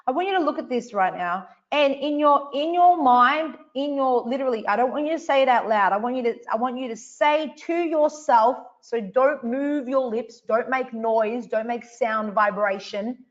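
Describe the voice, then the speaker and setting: A woman's voice: high voice, normal speed, hardly any pauses, lo-fi sound. A woman hosting a live online coaching session, emphatic and repetitive, swearing casually as she speaks to viewers. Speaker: online event host.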